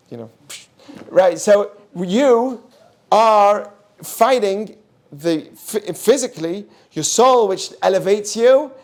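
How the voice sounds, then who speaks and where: Rabbi giving a class: man, high voice, animated, quizzes the room. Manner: animated, asks the audience questions, mixes in Hebrew terms. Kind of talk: lively Torah class.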